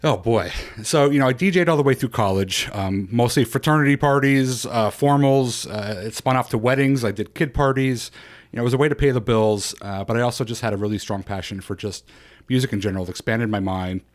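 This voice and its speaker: A middle-aged man as a podcast guest, telling his life story in an animated way with many fillers and restarts. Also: medium pitch, a little fast. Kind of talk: casual interview storytelling.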